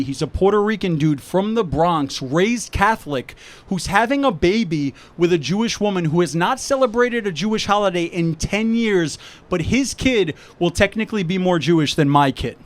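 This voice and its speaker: A man's voice: high voice, expressive, moderate pace. A young man doing a stand-up set on an outdoor rooftop, wry and self-deprecating. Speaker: stand-up comedian.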